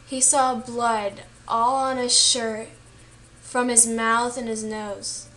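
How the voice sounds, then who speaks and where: A woman's voice: on the high side, little pitch movement, slow, bright, forceful tone, a little hiss or hum. A young woman casually retelling a story she read, chatty and full of fillers, acting out the quoted lines. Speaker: student vlogger.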